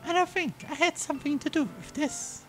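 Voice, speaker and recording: A young club president in a visual novel, her voice pitched very high. She talks in a playful, mocking way. Soft game music plays behind her. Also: expressive, a little fast. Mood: teasing.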